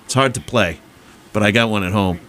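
A man's voice: lowish voice, brisk, fairly bright tone. A man hosting a podcast in casual chat, telling rambling anecdotes with lots of restarts. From Boston area. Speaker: podcast host.

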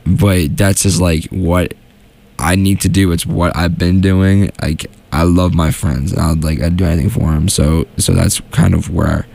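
A man's voice: low-pitched, steady tone, unhurried, creaky, darkish tone. A young man hosting a solo show from a small studio, chatting casually and rambling with lots of fillers and restarts. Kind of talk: casual solo radio chat.

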